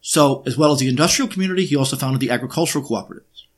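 In a medium-pitched voice, a man talks at length as if lecturing, stumbling often over fillers. Now and then he fires off a sarcastic rhetorical question.

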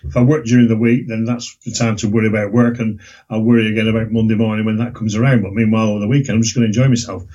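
A man, talking in a rambling, halting way on a casual podcast, with many restarts. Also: fairly low pitch, little pitch movement, dark tone. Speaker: regular guest presenting a documentary series. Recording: dull lo-fi recording.

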